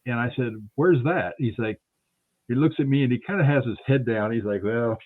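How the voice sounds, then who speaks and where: A man's voice: medium pitch, a little fast. A man hosting a radio interview, telling a rambling anecdote and acting out the dialogue in it. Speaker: radio show host. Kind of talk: casual storytelling interview. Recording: tinny phone-line sound.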